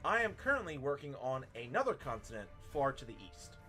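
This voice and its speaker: A man's voice: medium pitch, very animated, fairly quick, pushed and bright, faint music behind. A man in his thirties chatting casually on a stream, telling a story with a lot of swearing and laughter. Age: 30s. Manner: profane storytelling, laughing often. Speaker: streamer and teacher.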